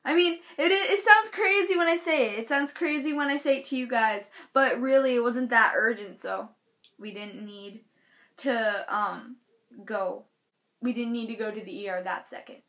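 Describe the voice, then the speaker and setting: A woman's voice: a little high, normal speed, a bit bright. A young woman telling a personal story in a casual, chatty way, full of filler words. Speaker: vlogger.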